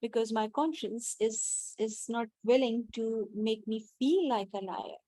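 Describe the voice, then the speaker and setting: A woman in a group discussion, sharing her view earnestly and haltingly, with frequent restarts. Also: a little high, warm tone, no echo.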